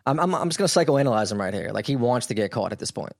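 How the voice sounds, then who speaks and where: A man's voice: mid-range voice, lively intonation, racing, creaky. A man co-hosting a podcast, trading wry jokes and asides in casual banter. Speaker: podcast co-host.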